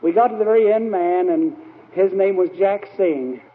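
High-voiced man preaching in an echoey hall. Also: normal speed. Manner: rambling and anecdotal, with frequent fillers. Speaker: church speaker. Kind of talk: storytelling sermon. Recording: tinny, echoey old hall recording.

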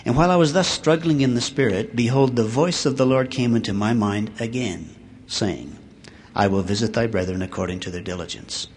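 A man delivers a sermon in a mid-range voice, reading scripture slowly and letting his voice rise and fall on each verse. A faint hiss sits under the recording. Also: medium pitch. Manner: measured, slows and swells when reading scripture. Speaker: church speaker.

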